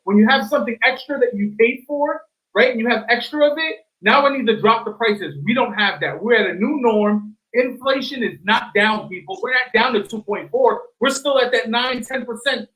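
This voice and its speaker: A man on a discussion panel who argues loudly and emphatically, swearing as he makes his points. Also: extremely high pitch, moderate pace, poor audio. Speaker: panel guest. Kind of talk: heated panel debate.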